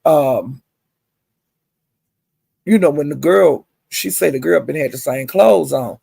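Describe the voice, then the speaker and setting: Gossipy vlogger man with a gravelly, raspy voice, slightly high, dry close sound. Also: takes it slowly, no room sound. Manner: chatty, calls listeners honey and child; animated retelling, mimics others' quotes. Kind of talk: gossipy storytelling.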